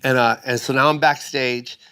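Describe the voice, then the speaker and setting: A man telling a long story in casual podcast talk, animated, acting out quoted people in raised voices, with fillers, restarts and frequent "right?" checks. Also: medium pitch, normal speed, clear, resonant tone. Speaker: comedian guest telling a story.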